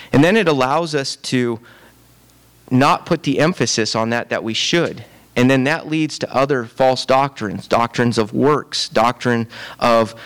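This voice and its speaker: A man preaching a sermon in a conversational, repetitive way, often checking in with "right?". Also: medium pitch. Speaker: pastor.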